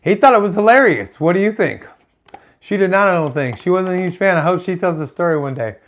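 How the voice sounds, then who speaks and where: A man's voice: high-pitched, expressive, brisk. Rambling man telling a stand-up story. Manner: rambling, self-interrupting, chatty asides. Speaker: stand-up comedian.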